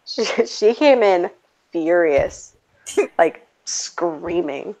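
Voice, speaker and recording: Woman, young adult, preschool teacher, casual storytelling, lower voice, muffled lo-fi sound. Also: slow pace. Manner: animated anecdote telling, acting out quotes with laughs. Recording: dull lo-fi audio.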